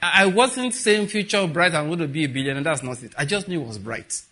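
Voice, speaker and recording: A husky, slightly raspy man, delivering a sermon. His voice sits a touch high for a man and moves between hushed storytelling and rising, emphatic declarations. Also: expressive, fairly quick. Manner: storytelling with soft asides and rising emphatic peaks. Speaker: preacher.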